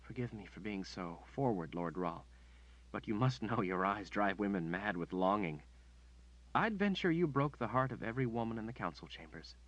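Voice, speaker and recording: A man voicing a soft demure duchess. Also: fairly low pitch, big pitch swings, moderate pace, highs cut off. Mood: demure, flattering. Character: soft-spoken noblewoman, demure and flattering.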